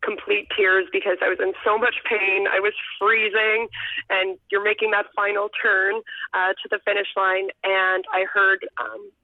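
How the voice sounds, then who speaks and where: Phone-in guest: young woman, teacher, gravelly edge, heartfelt storytelling on a thin, dry phone line. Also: medium pitch, flat delivery, unhurried, no room sound. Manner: earnest, heartfelt, sometimes choked up. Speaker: guest, elementary school teacher and runner.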